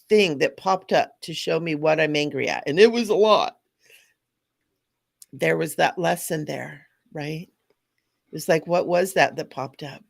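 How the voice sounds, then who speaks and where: A woman's voice: lowish voice, creaky. A middle-aged woman, a spiritual teacher, talking earnestly in a casual spiritual chat, laughing often.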